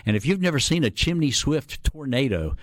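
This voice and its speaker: A man talks on a call-in radio show. He explains things at an unhurried pace, drops in a lot of "uh" fillers, and stays at an average pitch. His voice is close and dry on a studio microphone. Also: very animated, no echo. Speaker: radio guest host.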